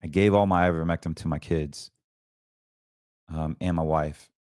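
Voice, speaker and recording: A middle-aged man hosting a show, telling an earnest personal testimony in a casual, preaching way that grows quiet and emotional. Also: steady tone, moderate pace, no room sound, studio quality. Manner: earnest and preachy, voice drops low when emotional. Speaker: podcast host.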